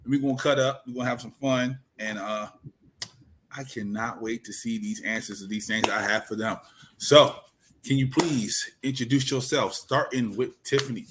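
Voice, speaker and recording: A man's voice: mid-range voice, fairly even intonation, moderate pace, background noise. A man hosting a casual family podcast chat, playful and joking as he introduces his guests. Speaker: podcast host.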